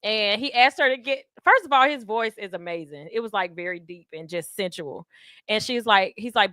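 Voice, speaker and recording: A woman's voice: fairly high pitch, brisk, dry recording, studio quality. A woman co-hosting a radio talk show, telling stories with lots of giggling. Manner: giggly, animated storytelling. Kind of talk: casual chat.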